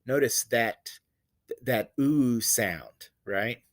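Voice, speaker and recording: A man teaching a recorded lesson on poetry in a conversational way, with fillers and self-corrections, who reads verses slowly to stress their vowel sounds. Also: mid-range voice, expressive.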